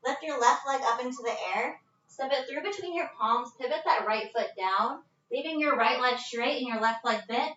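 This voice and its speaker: A woman's voice: high voice, normal speed, a bit bright, echoey room, distant mic, dull audio. A woman leading a live-streamed yoga class from her living room, casual and chatty, a little out of breath. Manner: casual, chatty, breaks into laughs. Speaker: yoga instructor. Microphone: phone set at a distance.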